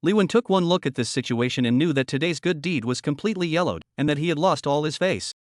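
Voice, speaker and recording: A man's voice: a little high, animated, quick pace, dry recording, studio quality. Matter-of-fact male recap narrator. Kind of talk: scripted story recap narration.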